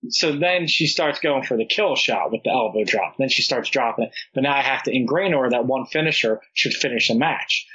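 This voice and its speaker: A young man telling rambling, animated stories in casual podcast chat, laughing as he goes. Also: mid-range voice, a little fast, hardly any pauses, slightly rough. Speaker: podcast guest. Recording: dull lo-fi podcast audio.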